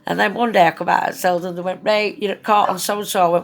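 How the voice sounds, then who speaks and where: A woman's voice: mid-range voice, fairly even intonation, fast, creaky, hardly any pauses, faint music behind. A woman chatting into her phone, telling a story bluntly with plenty of slang and swearing. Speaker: vlogger. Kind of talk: casual storytelling monologue.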